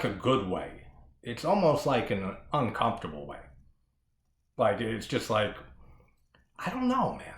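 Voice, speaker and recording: Guy ranting about a slasher movie, swears a lot, laughs, voice jumps all over, echoey room. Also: on the low side. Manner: animated, profane, laughs often. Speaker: horror podcast host. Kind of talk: casual film discussion. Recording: roomy echo.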